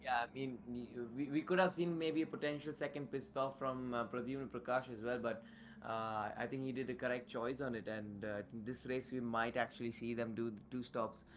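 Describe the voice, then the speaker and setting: A man's voice: mid-range voice, steady tone, fairly quick, a little hiss or hum. Muffled male co-commentator. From India. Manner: easygoing, hesitant, many fillers. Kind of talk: live race commentary.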